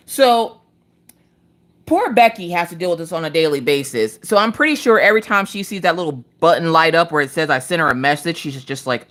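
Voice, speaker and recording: Woman, Southern accent, late thirties, casual chat, slight slur, lively rising and falling pitch. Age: 30s. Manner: animated, swearing storyteller, slight slur. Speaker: craft live streamer. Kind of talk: casual live stream chat.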